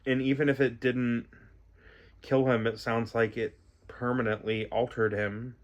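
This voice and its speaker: A young man hosting a music reaction video, talking in a soft, reflective way and rambling with many fillers. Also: mid-range voice, little pitch movement, measured pace, highs cut off. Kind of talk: casual reaction commentary.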